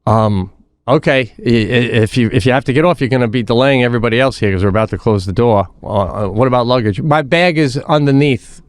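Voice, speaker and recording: A man's voice: medium pitch, brisk, clear, resonant tone, no echo, studio quality, close to an everyday voice. A man doing a hesitant young passenger. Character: hesitant young male passenger asking to leave. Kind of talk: acted quote in a story.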